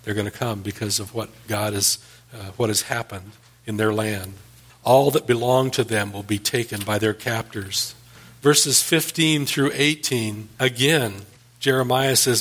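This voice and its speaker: A man's voice: medium pitch, unhurried, fairly bright tone. A male pastor preaching a Bible-study sermon and leading an earnest closing prayer.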